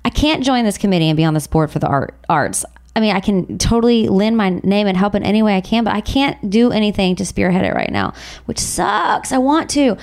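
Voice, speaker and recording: A woman's voice: medium pitch, sing-song, a little fast, a little mellow. A woman in her thirties, a podcast host, talking through her week in a rambling, repetitive, heartfelt monologue. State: tearful. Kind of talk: emotional personal monologue.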